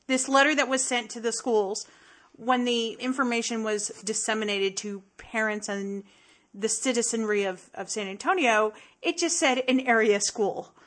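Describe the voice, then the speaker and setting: Blunt, emphatic woman podcaster, slightly high. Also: normal speed, a bit bright. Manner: emphatic, blunt, swears freely. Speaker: podcast co-host. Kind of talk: casual chat.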